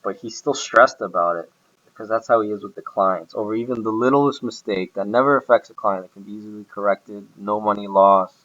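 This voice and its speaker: A man's voice: fairly low pitch, fairly quick, a bit bright, dull audio. A man talking casually about his boss, rambling with many hesitations and restarts. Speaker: employee describing his boss. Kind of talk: casual recorded conversation.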